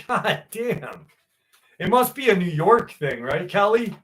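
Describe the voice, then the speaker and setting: Higher-voiced man in a swearing casual ramble. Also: big pitch swings, takes it slowly, fairly bright tone, rough recording. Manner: rambling, profane anecdotes with many fillers. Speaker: podcast host. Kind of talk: casual chat and reading a listener story aloud.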